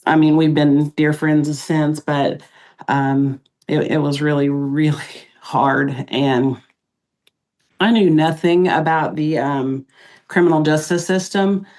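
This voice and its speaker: A middle-aged woman, a podcast guest, recounting events in an emotional interview, halting with many pauses and fillers. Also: low voice, fairly even intonation, a little mellow.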